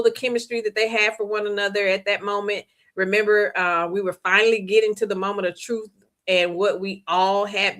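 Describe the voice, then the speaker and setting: Bright-voiced woman chatting about a book. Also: mid-range voice. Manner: chatty and animated, laughs often, reads viewer comments aloud. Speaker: book club host. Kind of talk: casual book discussion recap.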